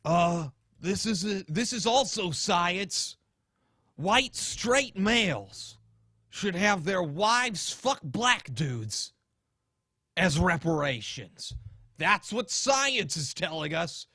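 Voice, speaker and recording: A man doing an impression of a smug, preachy middle-aged TV science-show host, lecturing in a slow, deadpan way. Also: high voice, no echo, studio quality, heavily acted. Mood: mock lecturing. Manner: slow mock-lecturing, deadpan absurd claims. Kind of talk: comedic impression.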